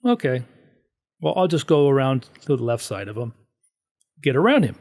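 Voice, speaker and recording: A man's voice: mid-range voice, normal speed. A middle-aged man, a podcast guest, telling a story in casual chat and acting out the quotes. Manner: animated storyteller, acts out quotes.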